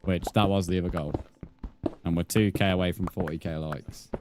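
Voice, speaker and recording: Low-voiced man streaming casually. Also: fairly even intonation, normal speed, background noise. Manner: banters and swears at chat, mock-threatening. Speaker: livestreamer. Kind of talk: casual live-stream chat with viewers.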